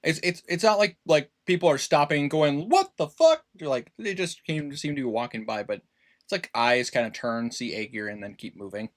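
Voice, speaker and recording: A man running a tabletop game as game master, narrating the scene in an animated way. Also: medium pitch, normal speed. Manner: animated, lively narration with put-on townsfolk voices.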